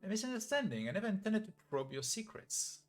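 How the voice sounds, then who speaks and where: A man doing a calm, mysterious traveler woman. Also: high voice, fast talker, pitched above the performer's own voice. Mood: evasive.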